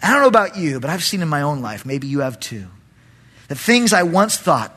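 A man's voice: fairly high pitch, big pitch swings, normal speed, fairly bright tone. A male pastor preaching an expository Bible study, animatedly breaking into dramatic voices for the characters.

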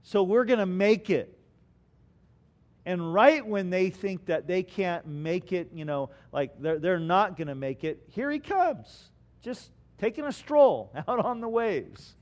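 A man preaching a sermon as pastor, asking his congregation questions and swinging from hushed lines to loud bursts. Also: high voice, expressive, measured pace. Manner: preaching with dramatic swings between quiet and loud; asks the congregation rhetorical questions.

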